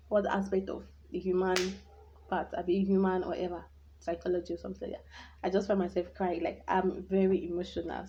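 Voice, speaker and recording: Woman with a mellow, muffled voice. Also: medium pitch. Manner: candid, reflective, rambling with frequent restarts. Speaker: vlogger. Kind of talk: personal storytelling vlog. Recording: dull lo-fi sound.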